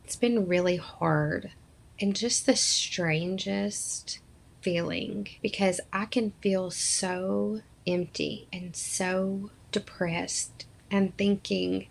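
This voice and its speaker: A woman's voice: mid-range voice, steady tone, very slow, gravelly. A woman in her thirties from Arkansas, a podcast guest telling a personal story in an earnest, emotional way and acting out what others said.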